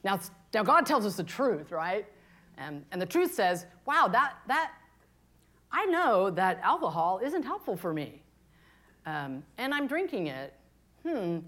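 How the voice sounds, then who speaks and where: A woman in her fifties, a pastor preaching a candid, confessional sermon, moving between hushed and impassioned. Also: medium pitch, very animated, unhurried. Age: 50s.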